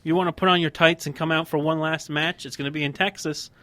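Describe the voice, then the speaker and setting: A man's voice: on the high side, fairly even intonation, fast talker, pushed and bright, no room sound. A man voicing a male wrestling promoter who pleads with a retired star in a salesy, coaxing way.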